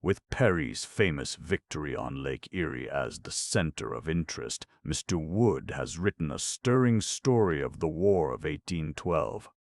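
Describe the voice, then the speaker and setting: A man reading an audiobook in steady, measured scripted narration. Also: a bass voice, no room sound.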